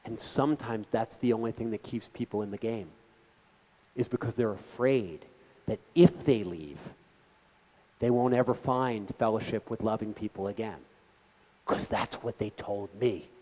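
A man's voice: on the low side, normal speed, dark tone. A man giving an earnest, conversational talk to a community gathering, speaking directly to the audience as a guest speaker. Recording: long reverb of a hall.

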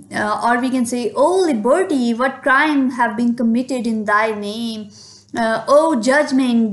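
High-voiced woman lecturing with hesitant fillers. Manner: reads quoted verse lines slowly. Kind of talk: recorded lecture.

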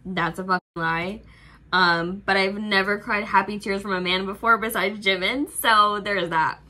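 A woman's voice: lowish voice, sharp tone. A woman hosting a reaction video, gushing in casual fan chat and using "like" constantly. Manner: gushing, effusive, heavy use of "like".

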